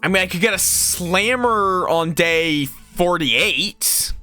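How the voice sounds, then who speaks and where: A man's voice: high-pitched, animated, slow pace, bright, forceful tone, no room sound, faint music behind. A man casually commentating his gameplay on a live stream, swearing now and then and talking to his chat.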